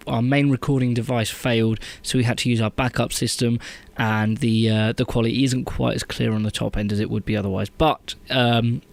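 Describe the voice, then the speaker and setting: A man hosting a casual radio chat, talking in a halting way with many ums and uhs. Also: mid-range voice, vocal fry. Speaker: podcast host.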